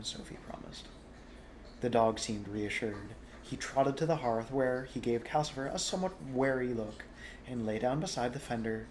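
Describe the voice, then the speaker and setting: A man reads a children's novel aloud as a bedtime story, at a mid-range pitch. He breaks in now and then with chatty asides, over a faint hiss of background noise. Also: a little mellow.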